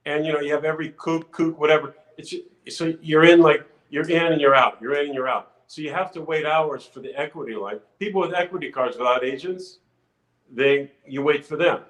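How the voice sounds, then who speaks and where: An older man spins a long anecdote as a podcast guest, restarting his sentences and acting out the people in it. His voice sits a little high for a man. The room around him rings with a noticeable echo. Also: brisk. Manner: animated anecdote telling with restarts and acted-out quotes. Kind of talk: casual storytelling.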